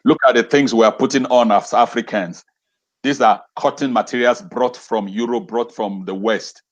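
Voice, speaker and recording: An educator appearing as an interview guest over a video call speaks passionately at normal speed, his medium-pitched voice fairly even in intonation. He tends to repeat phrases and ask rhetorical questions.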